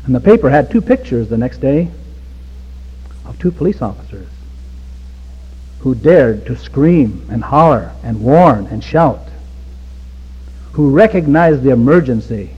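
Impassioned preacher man, husky and animated. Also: medium pitch, measured pace, long pauses. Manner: impassioned, swings from hushed pleading to near-shouting. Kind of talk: sermon. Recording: dull recording with long hall reverb.

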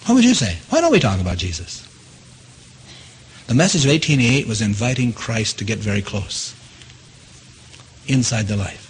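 A man preaching a sermon. He keeps asking his listeners questions and his voice leaps up in pitch to stress a point. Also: normal speed, long pauses, slight background noise. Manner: animated, asks the audience questions, jumps high in pitch for emphasis. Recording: long hall reverb.

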